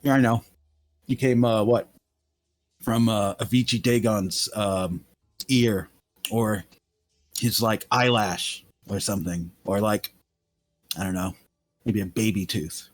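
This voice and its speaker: A man's voice: lowish voice, slow, long pauses, no echo. A man playing a tabletop role-play game, talking in and out of character in a crude, rambling way full of laughs and fillers. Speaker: player.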